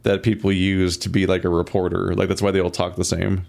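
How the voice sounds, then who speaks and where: A man's voice: deep voice, monotone, a little fast, gravelly, darkish tone. A man in casual chat, chiming in with a laid-back explanation.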